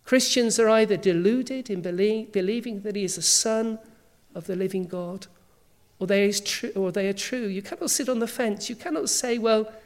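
A woman's voice: medium pitch, normal speed. A woman preacher delivering a sermon, emphatic and full of rhetorical questions.

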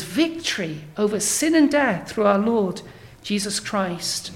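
A woman preaching a sermon in a measured, emphatic way, building to strong declarations. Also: mid-range voice, big pitch swings.

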